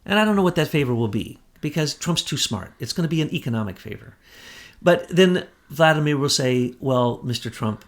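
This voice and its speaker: A man with an Ozark accent and a slightly high voice, co-hosting casual political commentary. He talks like an animated storyteller and builds his points with long runs of phrases. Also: brisk. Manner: animated storyteller, acts out quotes. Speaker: co-host.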